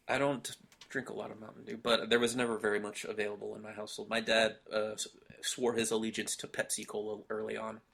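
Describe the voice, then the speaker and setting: A young man with a low voice, hosting a relaxed podcast chat. His tone is bright and a little forceful. He jokes easily and laughs often. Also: brisk, vocal fry. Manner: laid-back, laughs often, joking. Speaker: podcast host. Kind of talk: casual chat.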